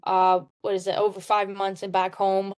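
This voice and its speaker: A woman's voice: mid-range voice, monotone, normal speed, a little mellow, clear, resonant tone. Chatty young woman from Czech Republic. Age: 20s. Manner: chatty, lots of "like", upbeat. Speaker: guest, hockey player. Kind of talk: casual interview chat.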